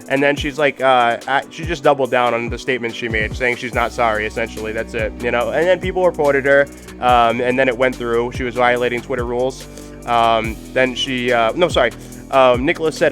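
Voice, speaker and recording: A man's voice: mid-range voice, a little fast, a bit bright. A man hosting a livestream who talks in a blunt and profane way. His commentary is casual and heated. Faint music plays behind him. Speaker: livestream host.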